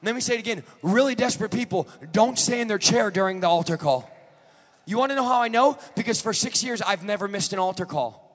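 A man with a very high voice preaches a sermon in a large church. He jokes with the congregation, then builds into shouted, rhythmic calls. His voice rings with a long reverb. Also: animated, fast. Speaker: guest preacher.

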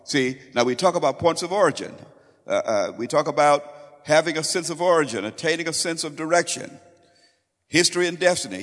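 A man preaching a sermon, quoting scripture and explaining it with frequent repetitions. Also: on the high side. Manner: expounding scripture with quoted lines and repetitions. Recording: long hall reverb.

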